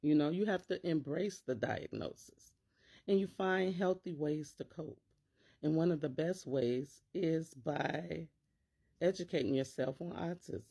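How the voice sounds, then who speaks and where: Mellow gravelly lady vlogging, acts out the worried voice in her head. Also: deep voice, unhurried. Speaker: teacher and parent vlogger. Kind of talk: casual talk to camera.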